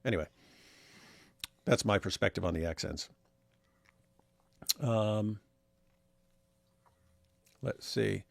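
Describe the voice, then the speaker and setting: A man's voice: on the low side, slow, creaky, long pauses, dry recording. A man co-hosting a casual livestream, reading viewer messages aloud and commenting in a wry, rambling way with many restarts. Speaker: livestream co-host reading super chats.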